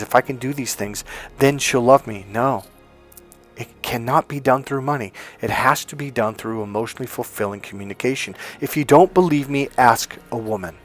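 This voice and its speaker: A man speaking as a dating coach in a persuasive, emphatic monologue to his viewers. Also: medium pitch. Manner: emphatic, persuasive, acts out quoted voices.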